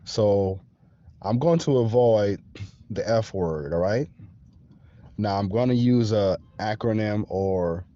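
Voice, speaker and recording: A man's voice: lowish voice, dark tone, no echo, muffled recording. A man hosting a podcast in a casual monologue, keeps checking in with the listener. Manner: slow, checks in with the listener often. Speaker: podcast host.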